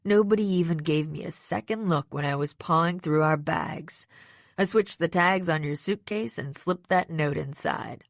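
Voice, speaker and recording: A woman's voice: low voice, normal speed, gravelly, no room sound, studio quality. A woman voicing a smug young male villain in an audiobook, speaking sarcastically and mockingly. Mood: sneering. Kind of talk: audiobook character voice.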